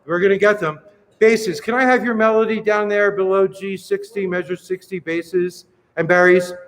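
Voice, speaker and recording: A man leading a choir rehearsal, counting in and coaching singers with brisk encouragement. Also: high voice, fairly even intonation, fairly bright tone. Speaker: choir director. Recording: reverberant hall with music playing.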